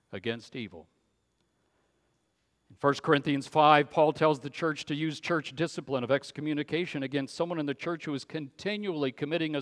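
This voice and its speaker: Emphatic preacher in a reverberant hall. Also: male voice, on the high side. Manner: emphatic, swings from loud to hushed. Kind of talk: sermon.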